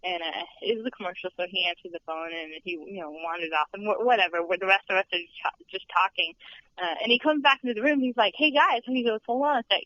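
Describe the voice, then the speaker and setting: A woman's voice: medium pitch, fast talker, pushed and bright. A young woman working as a studio tour guide, chatting in a podcast interview in a bubbly way and laughing often. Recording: dull lo-fi podcast audio.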